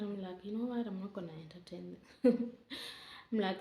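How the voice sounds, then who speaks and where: A woman's voice: mid-range voice, fairly even intonation, normal speed, mellow. A young woman telling her story to camera in a chatty, emotional way, often calling her viewers guys. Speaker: vlogger. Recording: roomy echo.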